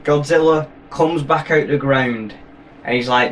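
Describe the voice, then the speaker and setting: A man's voice: fairly high pitch, measured pace, fairly bright tone. A man recapping a film in a rambling, profane, jokey way. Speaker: film reviewer. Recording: voice from a distance, faint noise.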